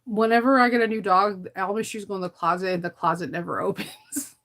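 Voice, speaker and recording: Here a middle-aged woman who vlogs about sewing chats as she works, using a steady, mid-range, slightly bright voice at a fairly quick pace. Frequent laughter and unfinished sentences mark her talk, and she is worn out from recovering after an illness.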